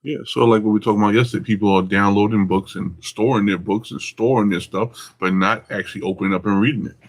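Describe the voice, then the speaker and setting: A man co-hosting a casual discussion, speaking in a thoughtful, measured way. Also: fairly low pitch, fairly even intonation. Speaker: co-host.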